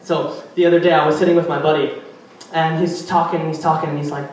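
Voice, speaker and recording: High-voiced young man doing stand-up. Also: level tone, fast. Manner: rambling, chatty, teasing the audience. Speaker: stand-up comedian. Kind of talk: stand-up routine. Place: live comedy venue. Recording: echoey venue, far from mic.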